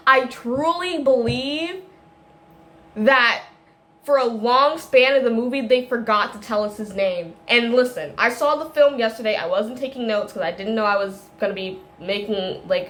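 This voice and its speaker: A woman's voice: a little high, a bit bright. A woman reviewing a film in a casual, rambling monologue, full of tangents, fillers and self-corrections, laughing often. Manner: laughs often while talking.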